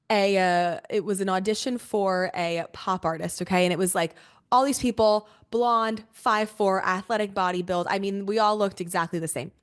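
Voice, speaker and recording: A young woman podcast host telling a personal story casually, expressive, laughing often and swearing freely. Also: mid-range voice.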